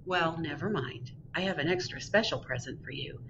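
A woman voicing a kind little girl who gently gives a present. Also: lowish voice, wildly swooping pitch, normal speed, dull audio, background noise. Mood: gentle.

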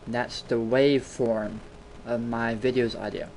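A man's voice: mid-range voice, steady tone, unhurried, darkish tone, slight background noise. A man hosting a casual screen-recording tutorial, chatty and rambling, repeating words for emphasis, talking into a desktop mic at his home computer. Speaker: video tutorial host.

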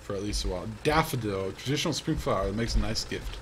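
Low-key man musing over gameplay. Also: expressive, fast talker, fairly bright tone, slight background noise. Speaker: gaming YouTuber. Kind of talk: casual let's-play commentary.

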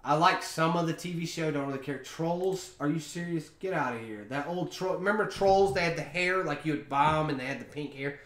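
A man's voice: fairly high pitch, fairly quick, hardly any pauses, a bit bright. A young man hosting a podcast, chatting in a rambling, offhand way over a beer. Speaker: podcast host. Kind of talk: casual chat. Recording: roomy echo.

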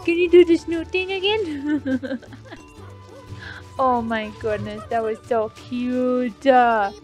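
A woman's voice: high-pitched, slow, a little mellow, faint music behind. A woman hosting a casual let's play, cooing and giggling as she plays. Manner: cooing, giggly, easily delighted. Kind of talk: casual gameplay commentary.

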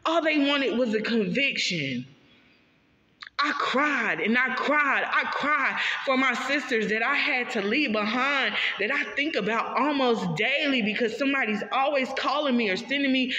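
A woman pours out a heartfelt personal monologue, emphatic and repetitive, talking straight to her audience. Her voice is bright and forceful. The recording sounds dull and lo-fi, with a long echo from the room around her. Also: a little high, a little hiss or hum. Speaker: vlogger sharing her story.

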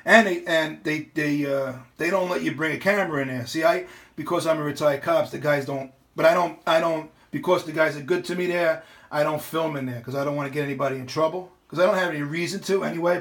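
Middle-aged New man ranting to camera, blunt and profane, voice sitting a touch high. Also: fairly even intonation, fast, fairly bright tone. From New York. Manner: blunt, profane, repeats and restarts. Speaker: vlogger. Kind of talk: casual ranting monologue.

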